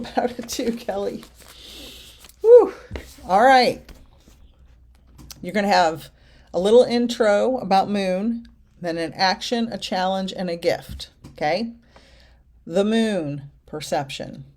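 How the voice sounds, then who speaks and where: Lady medium pulling oracle cards, kinda low voice, talks slow, chatty and gushing. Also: a little mellow, slight background noise. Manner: chatty and effusive, reads card text aloud. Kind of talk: card-reading vlog.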